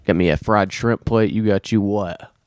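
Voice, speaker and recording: A man's voice: on the low side, moderate pace, darkish tone, no room sound. A man hosting a casual podcast chat, loose and profane, sometimes breaking into a bit of song. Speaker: podcast host.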